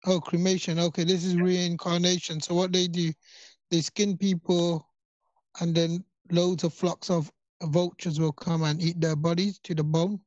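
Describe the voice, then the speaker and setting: A co-host on a live stream who fires quick questions and cuts in on the others. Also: mid-range voice, level tone, darkish tone. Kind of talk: casual chat on a stream. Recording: dry, dull lo-fi audio.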